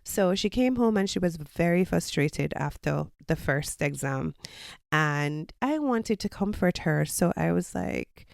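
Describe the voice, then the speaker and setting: A woman's voice: fairly low pitch, animated, measured pace, vocal fry, no echo, studio quality. A Jamaican woman, a podcast host and college lecturer, giving casual advice in an explanatory, teacherly way. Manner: explanatory, teacherly, with personal anecdotes.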